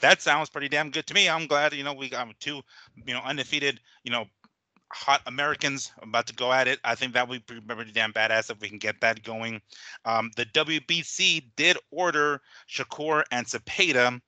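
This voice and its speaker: A man's voice: mid-range voice, normal speed, sharp tone, no room sound. A man co-hosting a boxing podcast, running through fight news in a rambling, filler-heavy, laid-back way. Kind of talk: casual boxing news chat.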